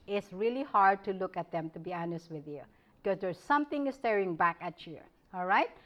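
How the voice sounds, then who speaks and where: A woman giving a public lecture, telling stories from her practice in an animated way, often breaking into laughter. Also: medium pitch, fairly quick, lo-fi sound. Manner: animated storytelling, frequent laughter. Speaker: guest speaker. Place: lecture hall.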